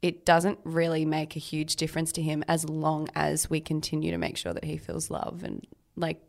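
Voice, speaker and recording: A woman's voice: sits low, completely flat delivery, moderate pace, creaky. A woman co-hosting a podcast, a mother talking in a reflective, thoughtful way in casual chat, with frequent "like" fillers. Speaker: podcast co-host.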